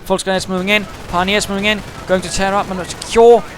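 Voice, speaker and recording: A man giving quick, chatty play-by-play commentary on a strategy game, with dry humour and British turns of phrase. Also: sits high, flat delivery, slight background noise.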